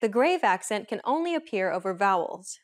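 A woman's voice: medium pitch, very animated. Woman hosting a scripted language lesson. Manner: clear, measured explaining tone.

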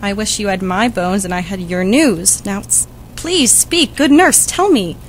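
A woman's voice: medium pitch, measured pace, slight background noise, lightly acted, poor audio. A woman reading as an eager young girl in love, impatient and pleading, for a school audiobook. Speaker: student reader.

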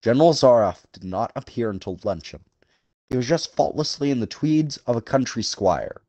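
A male narrator reading a story aloud in a measured, dramatic way, with a lively, wide-ranging pitch. The sound is dry and close to the mic, with no room audible. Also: no room sound, lo-fi sound. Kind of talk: scripted audiobook narration.

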